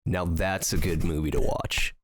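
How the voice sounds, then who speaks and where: A man's voice: deep voice, steady tone, moderate pace, slight background noise. A man co-hosting a podcast, chatting casually and rambling through stories with lots of fillers and laughter. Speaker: podcast co-host. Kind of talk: casual chat.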